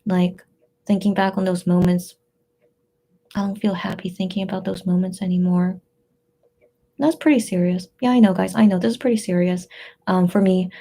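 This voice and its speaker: A tearful woman hosting a casual livestream, reading out chat messages in a subdued, hesitant way with many pauses and fillers. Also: lowish voice, steady tone, mellow.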